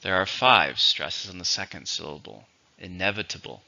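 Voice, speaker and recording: A man teaching English vocabulary, explaining words slowly and repeating each one. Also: sits low, vocal fry, bright, forceful tone, lo-fi sound. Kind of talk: vocabulary lesson.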